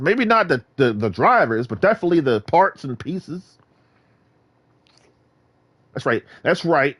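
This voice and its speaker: A man's voice: medium pitch, normal speed, pauses often. A man from Virginia ranting and trash-talking in a casual gaming vlog monologue. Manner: animated, boastful, trash-talking. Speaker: gaming vlogger.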